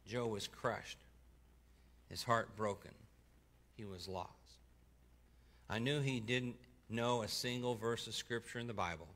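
A man reading a first-person story aloud at a church service, expressively, slowing and softening for grave moments, with occasional stumbles and self-corrections. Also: fairly low pitch. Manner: expressive, slows down and drops soft for grave moments.

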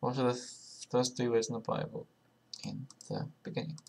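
Casually commenting on an online quiz, a young male video creator thinks aloud and mutters his guesses. His medium-pitched voice is gravelly and flat at a moderate pace, and he swears sarcastically and often, with abrupt loud outbursts.

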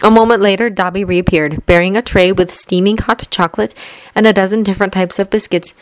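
A woman reading fanfiction aloud as an audiobook, in steady, measured storytelling. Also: mid-range voice, dry recording, poor audio. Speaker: fanfiction reader. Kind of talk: audiobook narration.

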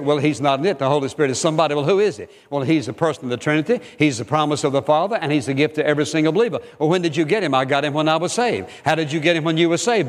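A man's voice: on the high side, long reverb tail. An older man preaching a sermon as pastor, emphatic and repetitive, questioning his listeners directly.

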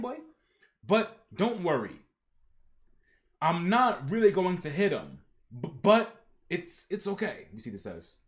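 A young man reads comic panels aloud on a live reaction stream, breaking in with slangy comments. His voice sits high and swings widely in pitch. He takes his time over the lines. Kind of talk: reading a webtoon aloud with reactions.

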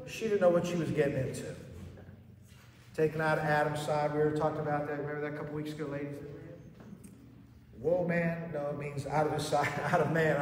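High-voiced male pastor preaching with rhetorical questions, heard from far off in an echoing church. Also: a little hiss or hum. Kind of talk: sermon. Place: church sanctuary. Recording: echoey hall from far off.

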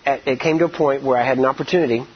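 Husky-voiced man preaching in lo-fi audio. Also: mid-range voice, rapid-fire. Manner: animated storytelling, colloquial, repeats words. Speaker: ministry trainer. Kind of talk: sermon-style teaching. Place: training session room. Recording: dull lo-fi audio.

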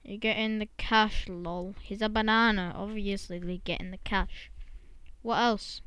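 A woman's voice: medium pitch, fairly even intonation, a little slow, a bit bright, smooth, dry recording. A woman chatting casually while she plays a game, talking to her pet monkey as she goes. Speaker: gamer.

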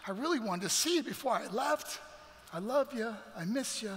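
A man speaking as his loving young adult sister in a soft, pleading tone. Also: very high-pitched, lively intonation, normal speed, exaggerated voice. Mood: longing. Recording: echoey hall with faint music.

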